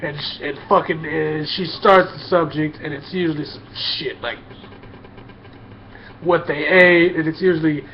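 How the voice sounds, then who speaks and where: A man's voice: on the high side, fairly even intonation, unhurried, a little hiss or hum. A man delivering a crude, blunt comedic rant in casual talk, often repeating himself and stumbling over words. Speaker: vlogger. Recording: dull lo-fi.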